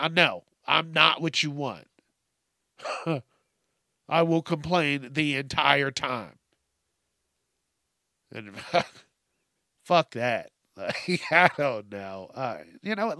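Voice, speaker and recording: A man's voice: a little high, lively intonation, slow, pauses often, pushed and bright, dry recording, studio quality. A male podcast host ranting through a profane solo monologue, congested from allergies.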